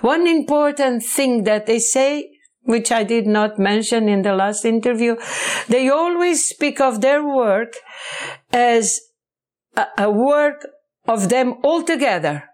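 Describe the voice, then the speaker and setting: A woman, a book author answering interview questions in English, halting and searching for words. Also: on the high side, darkish tone.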